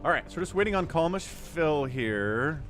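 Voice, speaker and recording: A man's voice: fairly high pitch, expressive, normal speed, a bit bright. A man hosting a live game stream, chatting with viewers in an upbeat, chatty way and thanking them by name. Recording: music playing behind.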